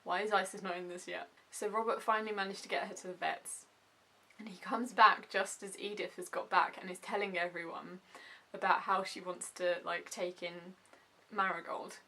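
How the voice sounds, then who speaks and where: A woman recapping in a casual vlog, gushing and animated with constant asides. Her voice is bright and clear, tossing off quick filler words as she goes. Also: mid-range voice. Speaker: vlogger reviewing a TV episode.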